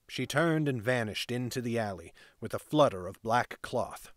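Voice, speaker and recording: A man reads a fantasy novel aloud at a steady pace, his voice at an ordinary male pitch. The sound is dry and close, with no room echo at all. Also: normal speed, hardly any pauses. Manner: steady reading with casual off-script asides. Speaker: narrator reading a novel aloud. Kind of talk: fantasy audiobook narration.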